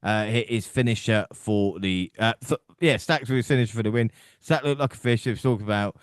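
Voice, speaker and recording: A man's voice: lowish voice, a little fast, smooth, no echo, studio quality. A man co-hosting a podcast in casual chat, rambling along, laughing often and checking in with his co-host. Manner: rambling, laughs often, keeps asking "do you know what I mean".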